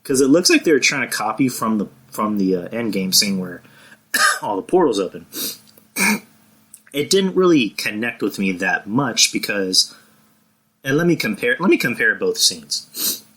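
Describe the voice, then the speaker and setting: Male podcast co-host, low bright tone, loose and rambling, swears casually. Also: very animated, unhurried, long pauses, slightly rough.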